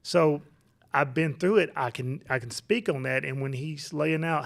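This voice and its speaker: A man in his forties speaking as a father on a podcast, calm and reassuring as he gives advice. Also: on the high side, moderate pace, gravelly. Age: 40s. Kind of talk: casual advice talk.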